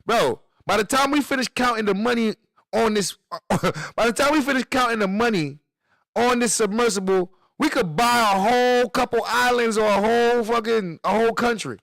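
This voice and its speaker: A man's voice: very high voice, normal speed, gravelly, fairly bright tone, no room sound. A man streaming live, reacting to news with loose, laughing slang banter aimed at his chat.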